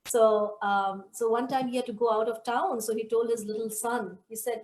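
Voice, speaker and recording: A woman hosting an online scripture study group, leading the discussion and telling stories in an animated way over a video call. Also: on the high side, moderate pace, few pauses. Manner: animated storyteller. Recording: roomy echo.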